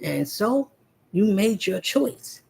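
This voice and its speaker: A woman's voice: medium pitch, sing-song, takes it slowly, creaky, warm tone, husky, rough recording. A woman, delivering an impassioned, confrontational spiritual monologue to an unseen listener. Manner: confrontational, preachy, addressing an unnamed listener directly. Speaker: spiritual vlogger.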